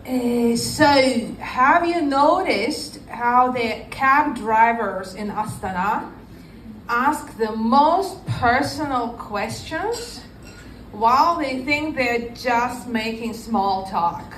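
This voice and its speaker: Performing stand-up, a woman in her 40s with a Russian accent keeps a dry, unhurried pace full of pauses. Her voice is fairly high and a bit bright, picked up off-mic in an echoey space with a little hiss or hum.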